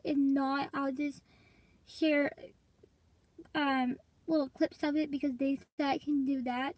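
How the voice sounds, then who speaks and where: Chatty high-voiced young woman vlogger. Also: darkish tone, no echo, low-quality recording. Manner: rambling, chatty, addresses viewers as y'all. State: coughing, congested from allergies. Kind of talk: casual chat to camera.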